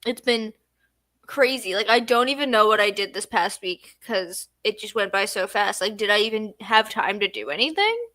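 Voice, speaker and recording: A woman's voice: mid-range voice, expressive, moderate pace, sharp tone, dry recording. A tired young woman chatting casually on a late-night livestream at home, yawning and drowsy. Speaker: streamer.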